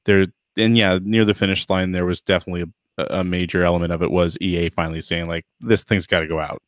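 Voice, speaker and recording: A man with a fairly low voice talks through his views in a casual podcast chat, hedging and circling back with fillers and restarts. The sound is dry and close, with no room behind him. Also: little pitch movement, fast talker, no echo. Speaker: podcast host.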